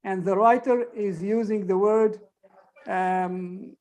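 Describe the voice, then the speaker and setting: A woman's voice: mid-range voice, fairly even intonation, takes it slowly, warm tone. A woman teaching an online group English lesson, patiently repeating examples and explaining rules step by step.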